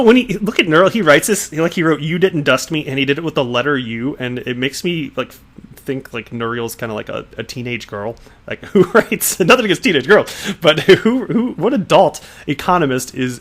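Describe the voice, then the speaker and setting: A man's voice: mid-range voice, fairly bright tone. A man hosting a crypto news channel, giving casual commentary on news pieces and tweets with frequent chuckles, amused asides and self-corrections.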